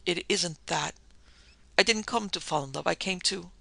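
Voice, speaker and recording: A man voicing a gentle, secretive young woman, speaking softly in a storybook reading. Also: sits high, moderate pace, creaky, dry recording, exaggerated voice. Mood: desperate. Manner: soft, hushed delivery.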